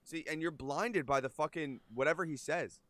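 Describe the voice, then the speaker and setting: A man talking on a stream clip in a fast, accusing, profane way. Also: fairly high pitch, a bit bright, dry recording. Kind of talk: casual livestream talk.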